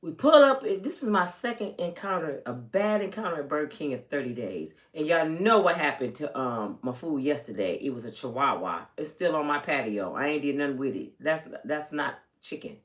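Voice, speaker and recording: Lower-voiced middle-aged woman telling a story. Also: normal speed, few pauses. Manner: animated, swings from loud to hushed, acts out quoted voices. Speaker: vlogger telling a personal story. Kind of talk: casual storytelling to viewers.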